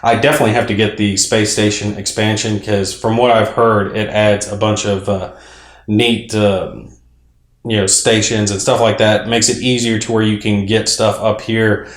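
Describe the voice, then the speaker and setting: A man's voice: on the low side, level tone, normal speed, reverberant. Rambling man talking through a board game. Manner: rambling, talks through his moves with fillers. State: clearing throat, a little choked up. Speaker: board game player and channel host. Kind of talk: casual tabletop game commentary.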